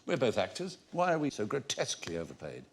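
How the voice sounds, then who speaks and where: A man's voice: lowish voice, wildly swooping pitch, quick pace. A man hosting a panel quiz show, explaining things in a wordy, playfully pompous way. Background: studio audience laughter.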